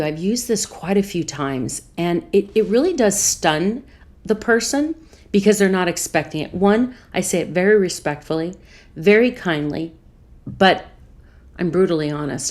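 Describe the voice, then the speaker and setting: A woman podcast host earnestly retelling a personal story, acting out both sides of a conversation. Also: lowish voice. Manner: earnest, calm, measured.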